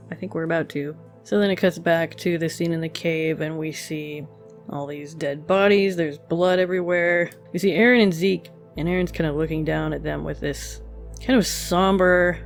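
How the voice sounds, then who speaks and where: Musing anime reviewer over soft music. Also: medium pitch. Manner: thoughtful, musing, with hesitant fillers. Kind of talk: casual episode review while drawing. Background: faint background music.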